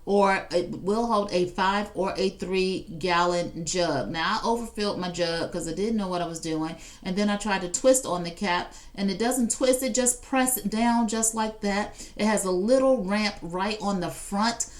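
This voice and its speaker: A woman's voice: medium pitch, a little slow, few pauses. A woman hosting a casual live shopping stream, chatting to viewers and reading out their comments. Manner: chatty, addresses viewers directly, reads out chat comments. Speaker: live shopping show host.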